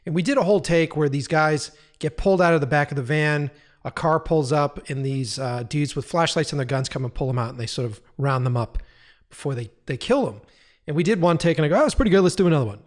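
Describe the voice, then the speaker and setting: A man's voice: fairly high pitch, a little fast. A man in his thirties, a director guest on a podcast, telling stories casually, laughing often and swearing freely. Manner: profane, animated, laughs while telling stories. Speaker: music video director guest.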